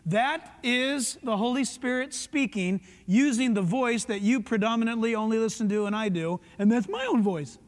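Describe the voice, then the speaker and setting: A middle-aged man preaching a sermon as pastor, emphatic, with quick asides to the congregation. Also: extremely high pitch. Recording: long hall reverb.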